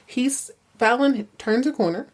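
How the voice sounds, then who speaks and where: A woman's voice: a little high, a little slow. A woman hosting a podcast, recapping episodes in casual, sassy chat with many asides. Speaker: podcast host.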